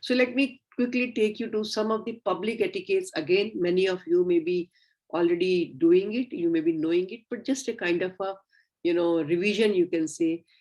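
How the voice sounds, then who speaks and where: A middle-aged woman giving a recorded lecture to medical students, earnest and instructive, often pausing on fillers. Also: on the low side, fairly even intonation, a little mellow, low-quality recording.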